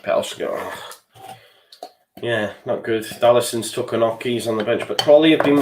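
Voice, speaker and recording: A man's voice: mid-range voice, normal speed, roomy sound, a little hiss or hum. A young man, hosting a live football watchalong, frustrated and swearing as he reacts to the match and reads out viewer chat. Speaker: fan channel host.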